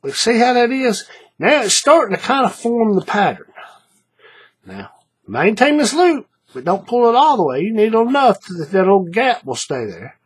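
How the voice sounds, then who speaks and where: Husky-voiced man walking through a craft step by step. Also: sits high, very animated, normal speed. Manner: chatty, repeats steps, checks in with "right?". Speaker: paracord craft instructor. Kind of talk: hands-on tutorial explanation.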